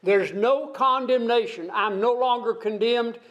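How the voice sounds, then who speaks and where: A man's voice: extremely high pitch, a little slow, lo-fi sound. A man preaching an expository sermon, reading scripture aloud and explaining it verse by verse, asking his listeners questions. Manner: asks the congregation questions.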